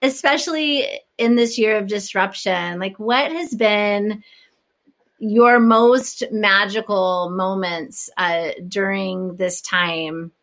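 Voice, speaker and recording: Enthusiastic woman podcast host, bright voice. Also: medium pitch, takes it slowly. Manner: enthusiastic, effusive. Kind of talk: casual interview chat.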